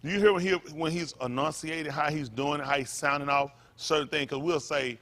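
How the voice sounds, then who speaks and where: A pastor, preaching a sermon in a repetitive, emphatic manner that rises to loud peaks. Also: male voice, medium pitch, a little fast, hardly any pauses.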